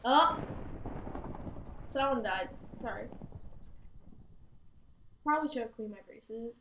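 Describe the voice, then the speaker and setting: A woman chatting and rambling through gameplay commentary, giggling and breaking into loud exclamations. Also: fairly high pitch, slow pace, long pauses, a little hiss or hum. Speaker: gaming channel host. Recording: roomy echo.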